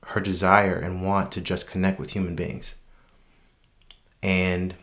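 A man casually telling a personal anecdote, relaxed and unscripted, with frequent ums and restarts, earnest and reflective. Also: sits low. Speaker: storyteller.

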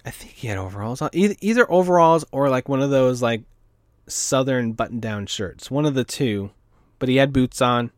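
A man's voice: mid-range voice, animated, moderate pace, no room sound, clean studio sound. Rambling, profane man telling a story. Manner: rambling, filler-heavy, profane. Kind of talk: casual storytelling.

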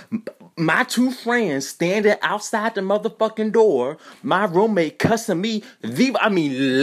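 Woman telling a wild story, cussing nonstop, voice jumping all over, lowish. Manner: profane, animated, loud exclamations. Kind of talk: comedic storytime.

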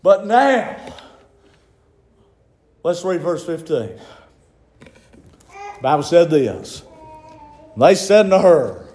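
A man preaching a sermon, impassioned and rising to shouts. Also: sits high, sing-song, slow pace, pauses often. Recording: echoey room.

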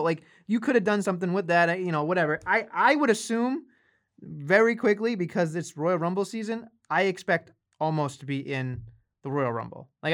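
Guy cohosting a wrestling podcast, kinda high voice, rambles a lot. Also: a bit bright. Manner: rambling, many fillers and restarts. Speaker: podcast co-host. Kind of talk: casual wrestling chat.

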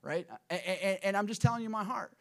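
A man's voice: high-pitched, quick pace, gravelly. A middle-aged male pastor, preaching a sermon from a church sanctuary and telling a personal story with earnest, emphatic repetition.

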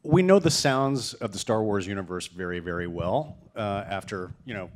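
A man with a slightly low voice moderates a panel. He asks his guests questions in a curious, conversational way. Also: animated, normal speed.

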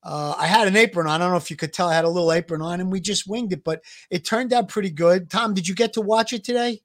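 A man's voice: sits high, quick pace, fairly bright tone. A man in his sixties with a Brooklyn accent, an ex-detective co-hosting a podcast, chatting easily and rambling with many fillers. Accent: Brooklyn New York. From Brooklyn, New York. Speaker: podcast co-host, former police detective. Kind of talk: casual podcast chat.

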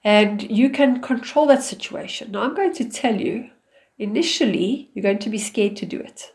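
Female advice speaker, mid-pitched, calm and firm, instructive delivery. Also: moderate pace. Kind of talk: direct advice talk.

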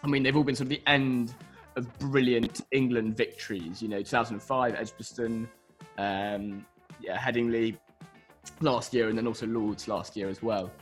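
A man's voice: medium pitch, fairly even intonation, moderate pace, soft background music. A man co-hosting a podcast in casual chat, rambling and self-mocking with frequent laughs. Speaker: podcast co-host.

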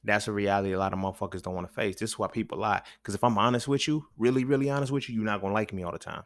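A man's voice: fairly low pitch, steady tone, rapid-fire, no room sound. A man hosting a podcast, talking in a loose, rambling, profane monologue full of slang, often asking "you feel me". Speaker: podcast host. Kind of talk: casual monologue.

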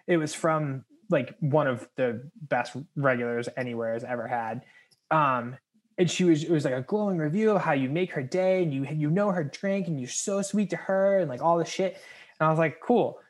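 A young man co-hosting a podcast, telling a work story in casual chat, animated and laughing, acting out the voices of the people in it. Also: on the high side, moderate pace. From United States. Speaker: podcast co-host.

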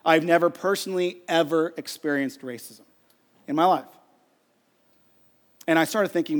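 Man, pastor, high voice, self-mocking storytelling sermon, long echo of a big hall. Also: moderate pace, pauses often. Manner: self-deprecating, animated anecdote. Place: church stage.

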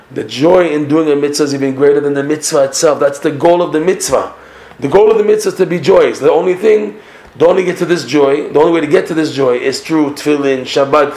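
Casting note: male Torah teacher, mid-pitched voice, emphatic and repetitive delivery, roomy echo. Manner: earnest, emphatic, repeats and rephrases points. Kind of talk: Torah lesson.

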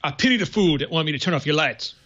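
A man's voice: fairly high pitch, lively intonation, fairly bright tone, muffled recording. A man voicing a male voice assistant in a joking South African accent. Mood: mock-grand. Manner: jokey, drawn-out.

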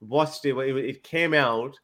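A man's voice: mid-range voice, takes it slowly. Guy cohosting a chill podcast, jokey and teasing, does little voices when he tells a story. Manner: animated storyteller, acts out quotes, teasing. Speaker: podcast co-host. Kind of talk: casual group chat.

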